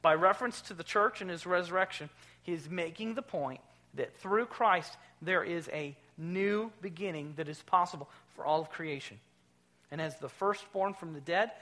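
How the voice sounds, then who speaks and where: A man's voice: fairly high pitch, normal speed. Emphatic male pastor preaching. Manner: emphatic, swings from quiet to loud. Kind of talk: sermon. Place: church sanctuary.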